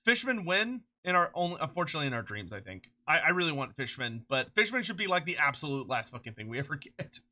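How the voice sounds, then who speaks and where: A streamer chatting casually on a live stream, excitable and rambling, swearing freely and laughing often, short on sleep. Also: mid-range voice, fast talker, few pauses. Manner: rambling with frequent restarts.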